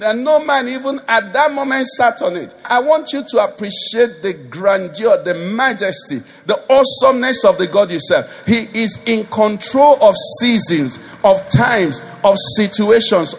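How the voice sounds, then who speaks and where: A pastor preaching with emphatic call-and-response. His voice sits high and carries a gravelly fry. Soft music plays faintly under his sermon. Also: lively intonation, normal speed, few pauses.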